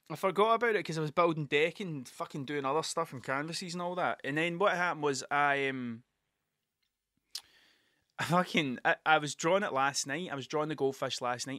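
A Scottish man talks on his own podcast in a loose, rambling way, swearing freely as he goes. His voice sits a little high and comes across bright and tense. The sound is dry, with no room echo. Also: brisk. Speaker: podcast host. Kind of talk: casual solo monologue.

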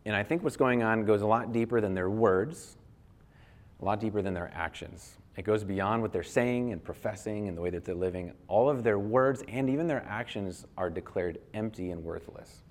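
A man's voice: fairly low pitch, moderate pace. A middle-aged male pastor preaching a sermon in an earnest, conversational way, with restarts and fillers.

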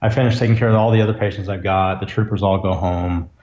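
Earnest low-voiced doctor, roomy sound. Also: male voice, fairly even intonation, fast, a little mellow, dull audio. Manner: earnest, reflective, emotional at times. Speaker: ER physician, podcast guest. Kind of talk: conversational storytelling.

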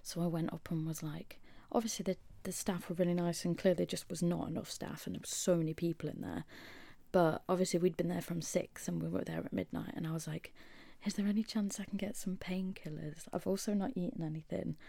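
A young Englishwoman hosts a casual solo podcast, telling a story in a chatty way while sounding shaky and unwell after a hospital stay. Her fairly low, creaky, mellow voice barely moves in pitch and runs a little fast, dropping into whispers for quoted asides. The recording has no echo.

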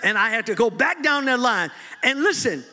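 High-voiced, animated preacher. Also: male voice, moderate pace. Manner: animated, swings from low asides to high shouts, laughs often. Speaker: bishop, preacher. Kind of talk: lively storytelling sermon. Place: church service before a congregation.

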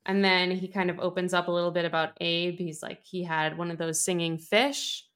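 Woman, lowish voice, smooth and clear, casual podcast chat, laid-back recapping. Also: level tone, normal speed, fairly bright tone. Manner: chatty recapping, heavy use of "like" and "basically". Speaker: podcast co-host. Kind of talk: casual book-club chat.

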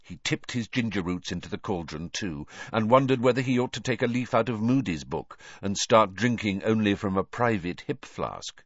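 A man with a low voice narrates a story, and his pitch rises and falls in a lively way. The recording is dry and close, with a dull, muffled top end. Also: normal speed, hardly any pauses, no echo. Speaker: audiobook reader. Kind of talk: scripted narration.

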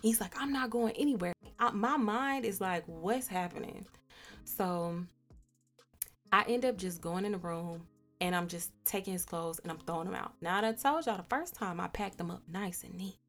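Young female host, lower register, blunt, animated personal storyteller. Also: normal speed, faint music behind. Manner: candid, profane, animated retelling with quoted dialogue. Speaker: podcast host.

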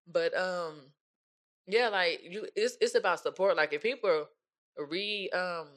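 A woman's voice: fairly low pitch, a little slow. A young woman chatting casually as a podcast co-host, telling stories in a laid-back, slangy way. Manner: laid-back slangy storytelling, mimics relatives. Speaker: podcast co-host, pole dancer. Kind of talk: casual chat.

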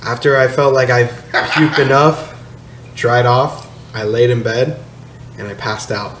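A man tells a story at a podcast table in a laid-back, profane way, laughing now and then. His voice sits at an ordinary pitch. The room is echoey, with a faint hiss under it. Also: fairly even intonation, unhurried. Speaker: podcast guest telling a story. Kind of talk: casual storytelling chat. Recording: echoey room, slight noise.

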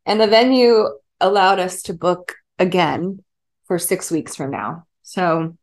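A woman in her thirties chatting casually with her partner. She tells an animated story and laughs often. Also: on the low side, takes it slowly. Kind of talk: casual conversation.

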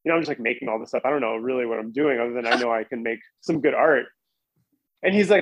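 A man's voice: mid-range voice, fast, no echo, lo-fi sound. A man casually telling a long story as a podcast guest, rambling with lots of "like" and restarts.

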